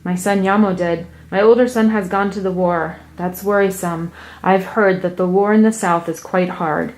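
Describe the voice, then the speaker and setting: A calm, kind farmer father from a storybook, voiced by a woman reading aloud. He speaks in a gentle, even, reassuring way. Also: mid-range voice, moderate pace, natural voice, low-quality recording. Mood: worried.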